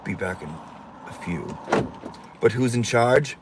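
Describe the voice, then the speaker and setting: A man's voice: mid-range voice, slow, noisy background. Campy, sassy man hosting a livestream. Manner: campy and sassy, swears freely; reads viewer comments aloud. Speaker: livestream host. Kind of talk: casual livestream chat.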